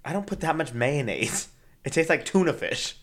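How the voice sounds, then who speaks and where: Sassy, giggly man with lively pitch. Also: moderate pace. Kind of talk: casual chat.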